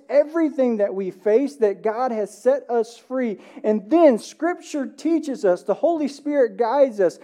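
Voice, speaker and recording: Man, 30s, pastor, church sermon, mellow tone, chatty storytelling. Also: very high-pitched. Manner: conversational storytelling, frequent "right?" tags. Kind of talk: Easter sermon. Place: church sanctuary.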